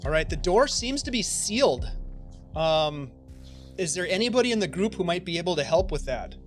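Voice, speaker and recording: A fairly high-voiced man runs a tabletop game on a stream. He narrates the scene and talks to his players in a casual, upbeat way, with plenty of ums and restarts. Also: big pitch swings, moderate pace, faint music behind. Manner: casual, upbeat, filler-heavy. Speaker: game master.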